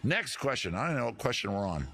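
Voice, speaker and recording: A man's voice: medium pitch, sing-song, fast, creaky, bright, forceful tone, a little hiss or hum. A man hosting a casual livestream quiz, rambling with jokey, self-deprecating asides. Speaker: comedy show host running a quiz.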